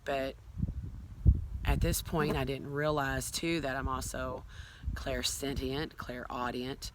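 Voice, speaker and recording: A woman's voice: very deep voice, little pitch movement, takes it slowly, very noisy. A woman telling her own story to a phone camera at home, rambling with many fillers and asides. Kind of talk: casual personal storytelling. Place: at home, filming herself on a phone.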